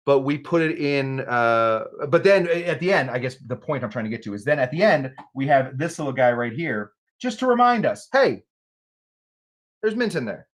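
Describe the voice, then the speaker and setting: A man hosting a live cocktail-making stream, talking casually and rambling with lots of fillers and asides. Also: fairly high pitch. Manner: rambling, chatty, self-deprecating, with many fillers. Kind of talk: casual livestream chat while mixing drinks.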